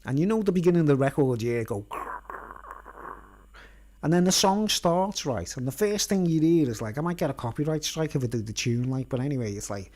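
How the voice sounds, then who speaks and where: A man's voice: on the high side, animated, fast talker, few pauses, a little mellow. A man telling a rambling personal story in casual slang, constantly checking in with his listeners. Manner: colloquial, nonstandard grammar. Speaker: vlogger.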